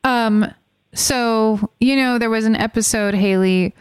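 A woman with a slightly high voice chats slowly and unhurriedly with friends on a podcast. She laughs often and apologizes easily. The sound is close and dry. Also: smooth, no echo. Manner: giggly, apologetic, slips into a squeaky baby voice. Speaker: podcast co-host. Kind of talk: casual chat among friends.

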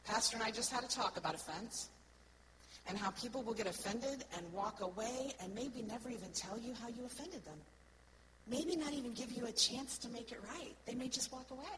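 A woman giving an earnest sermon-style talk to a congregation, often checking in with "right?" and swinging between soft, slow words and loud, stressed ones. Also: a little high, a crowd in the background, low-quality recording. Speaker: church speaker.

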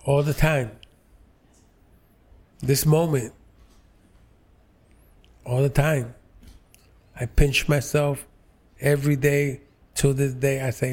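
A man in his sixties from New York's Lower East Side, an actor telling stories in an interview, slow and halting with many fillers. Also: flat delivery, a little mellow. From New York, Lower East Side. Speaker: actor, guest. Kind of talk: relaxed interview storytelling.

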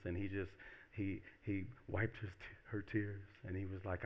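A man in a pastor's role preaches in a loose, conversational way, slipping into quoted voices as he goes. His voice sits fairly low. The recording sounds a little dull and lo-fi. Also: flat delivery, normal speed. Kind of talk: casual sermon.

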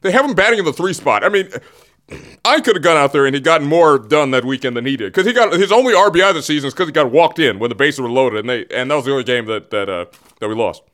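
A man's voice: mid-range voice, animated, fast talker, fairly bright tone. A man hosting a short sports show, rambling and sarcastic as he comments, often repeating himself.

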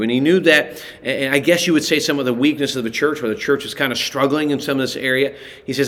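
A man leads a weekday Bible study in an easy, chatty way, with a voice of ordinary middle pitch. He catches his own slips and restarts his sentences as he talks through the passage. The overall sound is informal and unhurried teaching rather than a formal sermon. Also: fairly bright tone. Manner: casual and conversational, often correcting himself mid-sentence.

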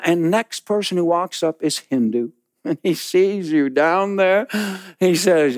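A pastor preaching a sermon, telling a story dramatically and acting out the people in it. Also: male voice, fairly high pitch, big pitch swings, a little slow, no echo, clean studio sound.

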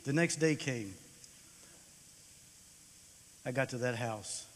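A man in his sixties gives an animated storytelling sermon in a chapel, swinging between loud bursts and hushed tones. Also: mid-range voice, normal speed, slight background noise. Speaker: chapel speaker. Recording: long hall reverb.

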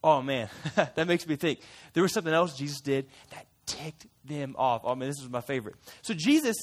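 A man's voice: on the high side, animated, brisk. A man in character as a fisherman disciple, retelling a story to a church group in a chatty, playful way with side remarks. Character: folksy fisherman disciple retelling his memories.

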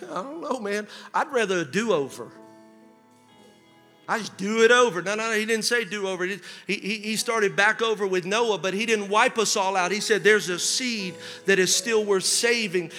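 A man preaching a sermon as pastor, asking rhetorical questions and building to shouted emphasis. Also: high voice, big-room sound.

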